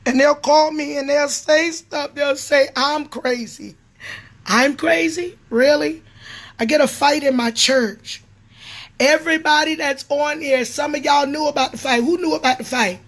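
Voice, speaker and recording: A woman's voice: sits high, steady tone, normal speed. A middle-aged woman, a prophetess and pastor, ranting angrily on a livestream, swearing and repeating herself. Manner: furious, repetitive, swearing, sometimes shouting. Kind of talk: angry livestream rant.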